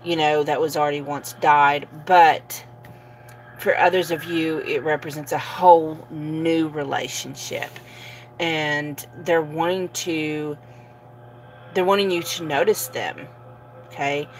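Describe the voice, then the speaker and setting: A woman giving a casual tarot reading, relaxed and sleepy, with many fillers and soft laughs. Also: deep voice, takes it slowly, a little hiss or hum, rough recording. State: sleepy, yawning. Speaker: tarot reader.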